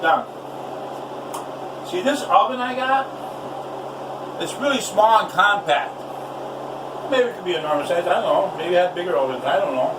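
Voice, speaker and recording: A man's voice: high-pitched, normal speed, long pauses, far from the mic, noisy background. A man telling a rambling, profane story in his home kitchen while cooking. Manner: profane, loud ranting storyteller.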